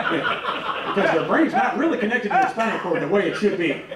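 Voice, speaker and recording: A man's voice: high voice, sing-song, normal speed, far from the mic. A man doing a stand-up comedy set, telling folksy stories and acting out voices. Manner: folksy storytelling, acts out voices. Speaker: stand-up comic. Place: comedy club stage. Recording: roomy club, off-mic, faint noise.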